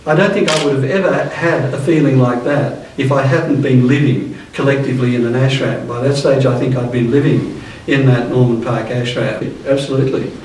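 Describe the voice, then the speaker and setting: A man's voice: medium pitch, steady tone, darkish tone, a little hiss or hum. Older man reminiscing in a roomy echo. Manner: halting, thoughtful, many restarts. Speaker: interviewee. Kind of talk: reflective reminiscing. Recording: roomy echo, distant mic.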